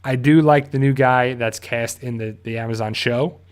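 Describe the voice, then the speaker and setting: A man's voice: medium pitch, steady tone, moderate pace, smooth. A man hosting a live stream, reading viewer questions aloud and answering in a loose, rambling way full of fillers and restarts. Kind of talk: casual live stream chat.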